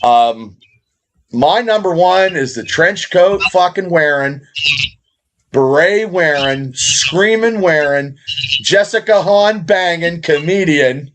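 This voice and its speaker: Profane, rambling podcast co-host. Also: male voice, fairly high pitch, lively intonation, slow pace, a bit bright. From Indiana, USA. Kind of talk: casual podcast chat.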